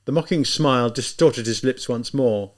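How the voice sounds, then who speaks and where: A man giving measured, expressive scripted narration of a novel. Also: medium pitch. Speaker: audiobook narrator.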